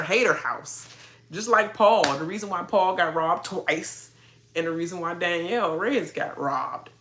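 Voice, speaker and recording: Sassy, animated woman ranting about reality TV. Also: low voice. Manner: sassy, animated, laughs often. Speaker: reality TV reaction vlogger. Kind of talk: casual reaction rant.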